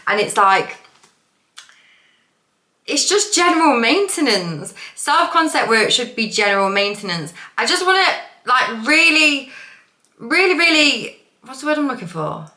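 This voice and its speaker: Woman coach, casual and chatty, swears freely, bright forceful tone, echoey room. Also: high-pitched, big pitch swings, measured pace. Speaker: manifestation coach. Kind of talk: casual vlog talk. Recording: roomy echo.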